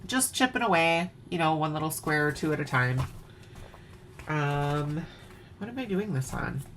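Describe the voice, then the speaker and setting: A woman's voice: low voice, expressive, measured pace, slight background noise. A woman with an Upper Midwest accent from Wisconsin, chatting playfully as she shows off her cross-stitch projects at home. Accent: Upper Midwest American. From Wisconsin, USA. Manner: chatty, playful, sings snatches of songs. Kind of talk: casual show-and-tell chat. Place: home at night.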